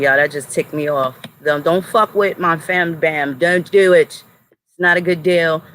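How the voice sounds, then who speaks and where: A bit bright and mid-range, the streamer's voice carries an angry rant aimed straight at chat and moderators, laced with heavy swearing and threats. There's a little hiss or hum on the low-quality recording.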